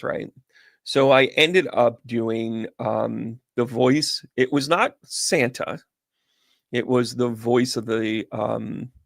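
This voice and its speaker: A man talks casually to his viewers, chatty and animated, with a chuckle never far away. His voice has a rough, gravelly texture at a middling pitch. The sound is close and dry with no room echo. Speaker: host and medium. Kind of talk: casual livestream chat.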